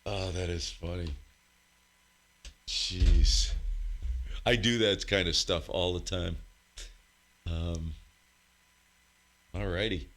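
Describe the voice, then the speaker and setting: A low-voiced man talks slowly and rambles, joking at his own expense between radio calls. His tone is bright and forward. He speaks into a desk mic in his home radio room. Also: fairly even intonation. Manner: rambling, joking, self-mocking. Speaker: ham radio operator and live stream host. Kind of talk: casual live stream chat and radio contest calls.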